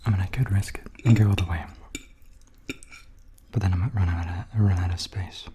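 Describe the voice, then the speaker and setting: A man in a whispered role-play, softly rambling between bites of food into a close microphone. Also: sits low, fairly even intonation, moderate pace, slight background noise. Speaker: ASMR creator.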